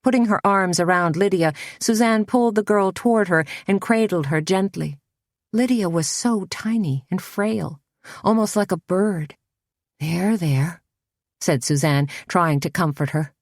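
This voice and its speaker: A woman reads a novel aloud as an audiobook narrator, her storytelling measured and even. Her voice is medium-pitched, and the scripted narration is recorded dry at studio quality.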